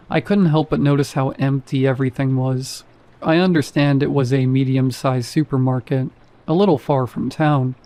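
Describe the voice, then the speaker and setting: Male horror narrator, mellow low-key timbre, deadpan wit. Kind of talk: scripted first-person horror narration.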